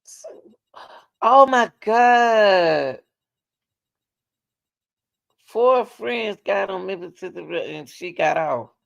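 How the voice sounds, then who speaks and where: A woman hosting a casual live stream, talking excitably and in scattered bursts, repeatedly telling viewers to hold on while she searches. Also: extremely low pitch, vocal fry. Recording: dull lo-fi audio.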